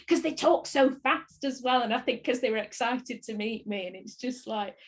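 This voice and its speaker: A woman's voice: on the high side, moderate pace. A woman from Bolton with a Northern English accent, chatting in an interview, rambling and laughing often. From Bolton, England. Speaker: actress, interviewee. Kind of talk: casual interview chat.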